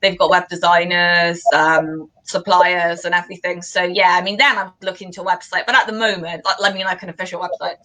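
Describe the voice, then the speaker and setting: A woman's voice: on the low side, flat delivery, brisk, hardly any pauses, bright, forceful tone. A young woman from England, a guest in a casual interview, telling stories in a chatty way and laughing often.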